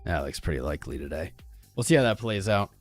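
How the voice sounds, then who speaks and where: A man's voice: deep voice, expressive, fast, faint music behind. A male livestream host in casual chat, bantering and greeting viewers one by one by name. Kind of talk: casual live-stream chat.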